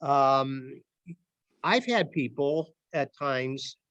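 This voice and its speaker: A middle-aged man from Akron, Ohio, with a Midwest American accent leads a church Bible study in a loose, conversational way, full of ums and restarts. His mid-range voice is expressive and slightly bright, with drawn-out words, in a dry recording with the highs cut off.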